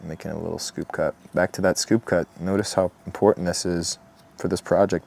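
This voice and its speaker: A man talking through a woodcarving tutorial outdoors in a relaxed, chatty way, with asides. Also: sits low, brisk, gravelly. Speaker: woodcarving instructor. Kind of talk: step-by-step tutorial narration. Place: outdoors in the morning.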